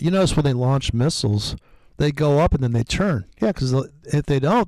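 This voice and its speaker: A man's voice: mid-range voice, lively intonation, brisk, a little mellow, no echo. A man talking casually and profanely, telling rambling stories in a loose chat.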